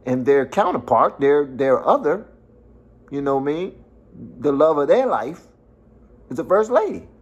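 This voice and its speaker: A man's voice: a little high, sing-song, unhurried, pauses often, slightly rough, dull audio. A man hosting a reaction video, talking loosely and animatedly with slang, often holding back laughs. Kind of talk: casual reaction commentary.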